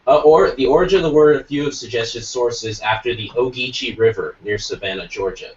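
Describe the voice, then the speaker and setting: A man's voice: mid-range voice, fairly quick. Joking man from Northern California, muffled. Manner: joking, playful. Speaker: podcast host. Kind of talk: casual podcast chat.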